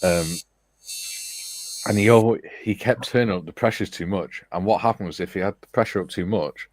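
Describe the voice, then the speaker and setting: Low-voiced man telling a story. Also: moderate pace. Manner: laughs often while storytelling, rambling with restarts. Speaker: host of a model-building chat. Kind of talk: casual chat telling an anecdote.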